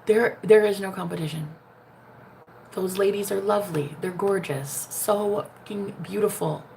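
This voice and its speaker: A woman's voice: mid-range voice, unhurried, creaky, darkish tone, slight background noise. An American woman, a spiritual manifestation coach, talking brashly and profanely in a casual livestream.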